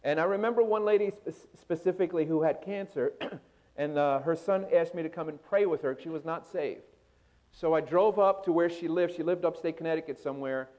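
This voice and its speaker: A man preaches a sermon as a pastor in a rather high, brisk voice. He poses questions to the congregation and shifts between loud emphasis and hushed storytelling.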